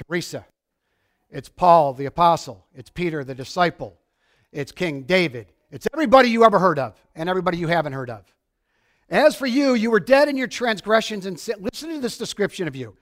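A man preaching a sermon in a church, excitable, swinging from shouting to quiet asides. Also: a little high. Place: church sanctuary.

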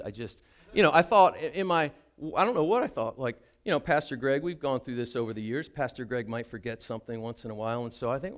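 A man's voice: medium pitch, lively intonation, quick pace. An older man preaching a sermon as a pastor, telling a story about himself in a chatty, self-deprecating way.

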